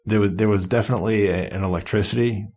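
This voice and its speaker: A man co-hosting a casual podcast, talking in a halting way and hedging his points with "you know". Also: on the low side, steady tone, darkish tone. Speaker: podcast co-host.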